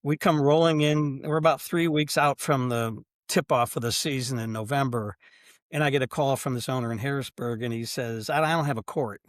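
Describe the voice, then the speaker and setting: A man's voice: mid-range voice, normal speed, dry recording, studio quality. An older man, a sports executive guest on a podcast, telling anecdotes casually and acting out the back-and-forth of old conversations. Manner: animated anecdotal storyteller, acts out quoted exchanges. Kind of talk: casual storytelling interview.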